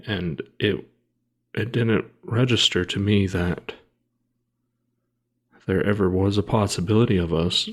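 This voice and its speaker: A man in his thirties, a podcast co-host, telling a personal story in a halting, grieving way with many restarts and pauses. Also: deep voice.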